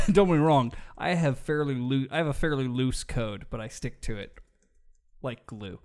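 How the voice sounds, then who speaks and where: A man's voice: medium pitch, normal speed, a little mellow. A man co-hosting a casual podcast, joking, swearing and laughing a lot. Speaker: podcast co-host. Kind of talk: casual banter.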